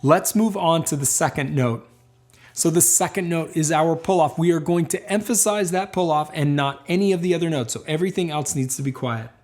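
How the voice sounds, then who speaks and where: A man teaching a banjo lesson, explaining and encouraging in a calm, clear way. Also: fairly high pitch, a little fast. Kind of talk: instructional lesson.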